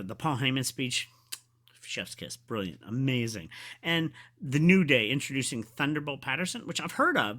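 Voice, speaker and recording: A man reviewing a wrestling event in a casual, excitable, rambling way, with many fillers, sometimes going soft and quiet. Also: mid-range voice. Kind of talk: casual solo video review.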